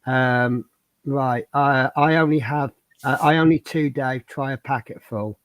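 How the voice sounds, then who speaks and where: A man's voice: medium pitch, measured pace, dry recording. A man hosting a livestream, chatting casually and telling rambling anecdotes. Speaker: livestream host. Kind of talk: casual chat and storytelling.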